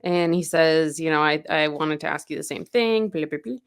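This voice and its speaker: Her voice sits low, gravelly yet clear and resonant, at a moderate pace. In a casual podcast book recap she co-hosts, the novel's plot comes out loose and chatty, with bits of dialogue acted out as quotes.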